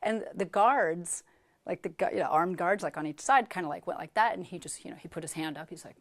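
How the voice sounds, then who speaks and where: An American woman in her fifties, a guest in a casual interview, telling lively anecdotes and acting out the people she quotes. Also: lowish voice, brisk. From United States. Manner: animated storyteller who acts out the people she quotes.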